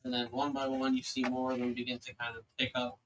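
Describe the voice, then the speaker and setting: A man at a middle pitch narrates a tabletop battle as game master. He talks loosely, full of fillers and small restarts, with a faint hiss of noise behind him. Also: big pitch swings, fast, creaky, fairly bright tone, rough recording.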